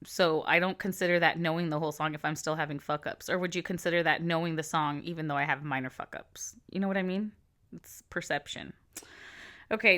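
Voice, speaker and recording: A woman's voice: lowish voice, a bit bright. A woman in her thirties giving casual, blunt commentary as a vlogger. She swears freely and drops into whispered asides.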